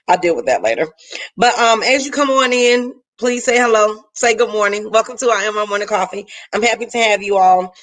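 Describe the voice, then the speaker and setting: A woman's voice: medium pitch, fairly bright tone. A woman hosting a faith-based live stream, chatting casually with viewers and greeting them by name.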